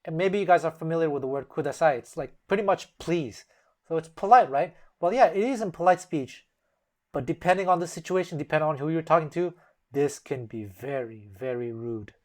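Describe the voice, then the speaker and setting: This is a host giving a relaxed spoken lesson, walking through examples one at a time. The voice sits in a middle pitch. Now and then it slips into a different tone to act out a phrase. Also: a little fast. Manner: explains step by step and acts out example phrases in shifting tones. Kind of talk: casual explanatory lesson.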